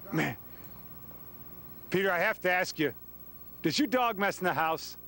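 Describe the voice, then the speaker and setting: A man anchoring a live TV sports segment outdoors, lively and joking with his guests. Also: high-pitched, a little hiss or hum.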